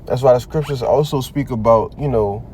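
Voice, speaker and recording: A man's voice: mid-range voice, normal speed, dark tone, slight background noise. A man teaching a casual bible study, talking in a loose, conversational way full of "all right" and "you know," and reading verses aloud with emphasis. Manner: reads scripture aloud with emphasis.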